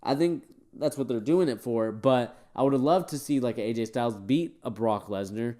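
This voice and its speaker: A man's voice: medium pitch, normal speed, hardly any pauses, mellow. A tired man talks through a wrestling event in casual, rambling commentary. He is opinionated and wanders off track, with frequent fillers along the way. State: tired, yawning. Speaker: wrestling show reviewer.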